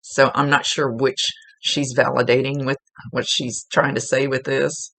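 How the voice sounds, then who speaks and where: A woman psychic medium giving a casual, gently instructive reading, relaying messages with chatty asides. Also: rumbling low, level tone, measured pace, vocal fry. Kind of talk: casual spoken reading to a client.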